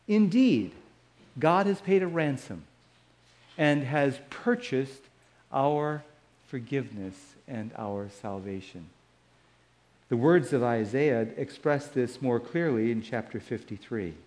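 A man delivers a sermon at an unhurried, deliberate pace. His voice sits a little high for a man, and he lets key phrases sink to a quiet, drawn-out close. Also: lively intonation. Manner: slow, measured, drops soft on key words. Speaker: preacher.

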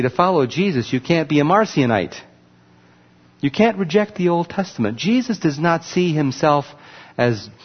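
A man preaching a sermon in a slightly high, husky voice, lifting his pitch sharply to stress key words. He teaches in an emphatic tone and points out details on a screen with a laser pointer. The recording is dull and muffled, with a long reverb from a large hall.

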